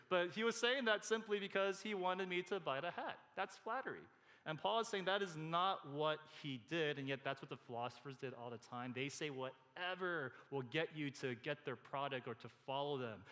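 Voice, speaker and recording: Pastor preaching in a reverberant hall. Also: male voice, fairly high pitch. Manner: conversational, storytelling with animated quoted asides. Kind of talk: sermon. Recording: church hall with long reverb.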